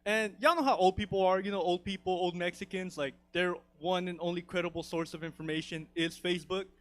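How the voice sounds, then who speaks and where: A man with a fairly high voice tells a long personal story on stage. His delivery is rambling and profane, padded with "dude" and "you know" throughout. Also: fairly even intonation, brisk. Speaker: stand-up comedian. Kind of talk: stand-up storytelling.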